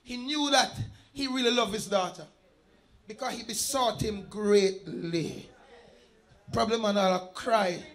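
A man preaching a fervent live sermon in a church service, shouting and chanting calls to the congregation. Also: high voice.

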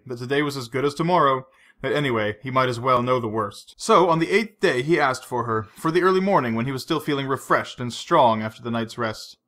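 A male narrator reads a novel aloud in a measured, steady manner. His voice is bright and forward, with a slightly tense edge. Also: mid-range voice. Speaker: audiobook narrator. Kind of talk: scripted narration.

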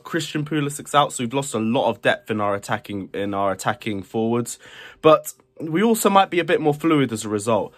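A man's voice: mid-range voice, a bit bright. A young man hosting a football fan vlog, chatting upbeat predictions straight to camera. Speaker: fan channel vlogger.

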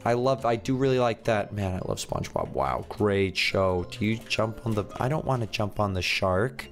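A man's voice: lowish voice, animated, measured pace, soft background music. A man giving casual, jokey commentary as he plays a video game, often thinking aloud and confused. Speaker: gaming YouTuber.

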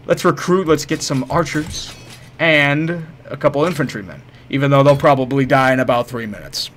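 A man's voice: mid-range voice, normal speed, a bit bright, a little hiss or hum. A man live-streaming a game, swearing, joking with viewers and hurling mock-heroic taunts at enemies. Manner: profane, jokey, chats with viewers. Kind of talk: casual live-stream commentary.

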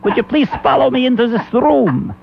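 A man's voice: extremely high pitch, fairly quick, vocal fry, slight background noise, voice pushed up. A man putting on a stiff, over-polite, pompous Prussian-style official voice, with mocking formality. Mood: haughty. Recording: muffled old AM radio recording.

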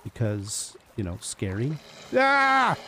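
A man talks through his game in a loose, chatty way, greeting animals as he passes them. His pitch swings around freely from low mutters to high, excited jumps. The talk sounds relaxed and unscripted. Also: drawn-out words, a little hiss or hum. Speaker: gaming video host. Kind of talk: casual gameplay commentary.

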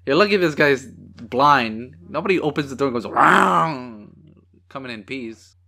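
A man's voice: mid-range voice, expressive, normal speed, pushed and bright. A man hosting a casual movie watch-along, joking sarcastically at the screen and swearing freely. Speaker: host.

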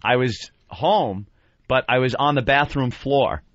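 A man's voice: medium pitch, measured pace, no echo. A man co-hosting a radio talk show, tossing in wry quips and laughing easily. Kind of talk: casual radio banter. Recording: dull dry lo-fi radio broadcast.

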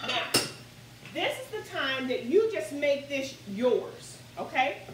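A woman's voice: sits high, echoey room, far from the mic, slight background noise, poor audio. A woman hosting a live cooking show from her kitchen, chatty and encouraging as she greets viewers by name. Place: home kitchen.

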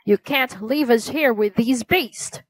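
Commanding old storybook king, bossy and slow, read by a woman. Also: fairly high pitch, a little hiss or hum. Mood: alarmed. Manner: commanding and scornful. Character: proud quick-tempered old king.

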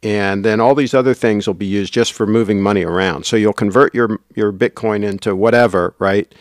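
A man's voice: lowish voice, steady tone, a little fast, dry recording, studio quality. A man hosting a casual livestream, rambling and reading out viewer comments. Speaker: livestream host.

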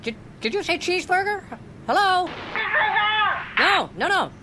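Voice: very high-pitched, very animated, a little slow, heavy background noise, full character voice. A performer voicing an exasperated male drive-thru customer who stammers and repeats himself as he keeps trying to get his order through. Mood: confused, pleading. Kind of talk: comic sketch acting.

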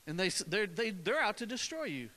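A male preacher with a high, bright, forceful voice delivers an earnest sermon. He restarts and repeats phrases as he presses his points. The voice rings out with a long hall reverb. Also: sing-song, fairly quick.

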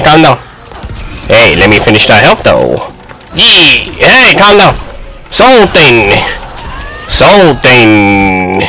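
An excitable young man plays a fighting game and comments on it the whole time, shouting and trash-talking at his opponent. His voice is bright and forceful, and it leaps all over the place in pitch. He talks at an unhurried pace between the bursts of yelling. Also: low-quality recording. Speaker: gaming YouTuber.

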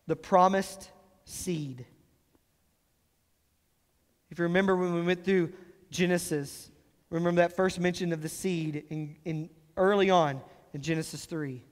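A man preaching a sermon as pastor, explaining scripture and slowing down to stress key phrases. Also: high voice, steady tone, long reverb tail. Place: church sanctuary.

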